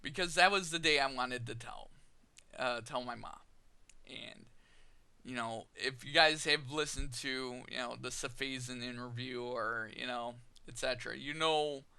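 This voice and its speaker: Gravelly, bright-toned man telling a personal story. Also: mid-range voice. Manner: halting, many "you know" fillers and restarts. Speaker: vlogger.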